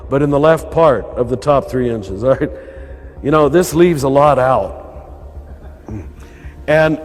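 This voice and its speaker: Older American man, priest, throaty, fairly high voice, live hall reverb, soft music under it. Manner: earnest, conversational, chuckling now and then. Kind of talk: spiritual talk to a live audience.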